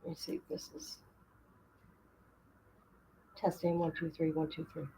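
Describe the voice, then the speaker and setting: A woman's voice: deep voice, very animated, a little slow, dark tone, slight background noise, poor audio. A woman hosting her own livestream, chatting casually and greeting viewers by name while she fumbles with her setup. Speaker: livestream host.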